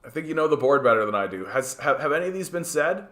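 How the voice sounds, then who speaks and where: The host, a man from Canada, speaks fast in a slightly high, expressive, somewhat bright voice on his political livestream. Answering chat, he gets heated, swears freely and stammers, restarting often.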